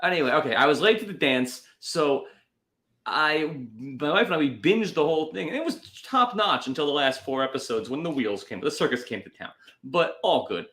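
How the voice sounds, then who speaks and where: A man's voice: on the high side, expressive, moderate pace, fairly bright tone. A man co-hosting a comedy podcast, telling wry stories about home life in a casual, joking manner. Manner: wry, storytelling, dry jokes. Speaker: podcast co-host.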